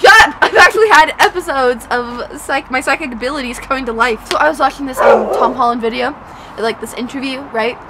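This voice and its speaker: A woman's voice: sits high, brisk. A young woman vlogger chatting casually outdoors, giggly and self-mocking, laughing often. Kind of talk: casual vlog chat. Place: outdoors by a train line and highway. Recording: loud outdoor noise of rain and traffic. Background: light rain, passing train and traffic.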